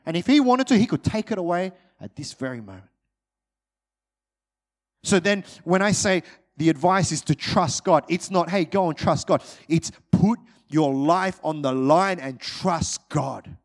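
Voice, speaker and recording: A man preaching a sermon to his congregation, moving between urgent, loud peaks and hushed, drawn-out phrases. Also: animated. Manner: dynamic, swings from loud urgent peaks to hushed low delivery.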